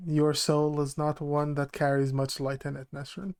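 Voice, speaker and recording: Man playing a cryptic blunt teacher, terse, even delivery, higher voice. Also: clean tone, close to an everyday voice. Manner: terse, evasive, measured.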